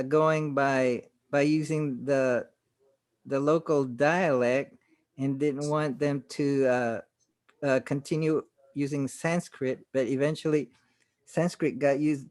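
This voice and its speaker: A man's voice: mid-range voice, a little mellow. A man taking part in an online discussion group who speaks hesitantly, with many fillers and repeated words, over a video call. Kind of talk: casual conversation.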